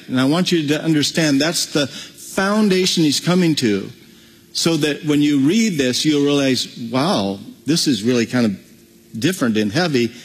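Husky-voiced preacher man in a reverberant hall. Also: fairly high pitch. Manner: emphatic, folksy preaching. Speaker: pastor. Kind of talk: sermon with prayer and Bible teaching.

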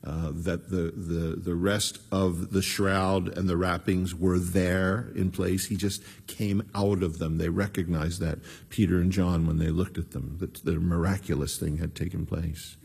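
Gravelly preacher in a reverberant hall. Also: male voice, sits low, flat delivery, a little slow, hardly any pauses, a little mellow. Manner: conversational Bible teaching, acts out quoted voices. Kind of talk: sermon.

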